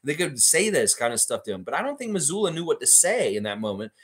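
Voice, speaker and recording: A man's voice: fairly high pitch, quick pace, slightly rough. A man hosting a fan livestream in a casual, rambling way, reading out viewer comments and laughing readily. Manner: chatty and excitable, laughs readily, rambling asides.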